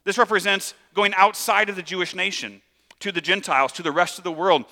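A man preaching a sermon in a casual, conversational way, acting out lively asides. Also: high voice, a little fast, long reverb tail. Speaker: pastor.

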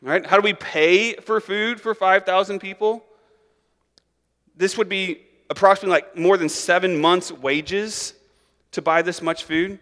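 A man preaching a sermon in a casual, conversational way, peppering it with "like" and "right?" and acting out characters in an animated voice. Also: unhurried, in a large hall. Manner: animated, acts out the disciples' voices in a higher, louder pitch; conversational, many "like" and "right?" asides. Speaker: pastor.

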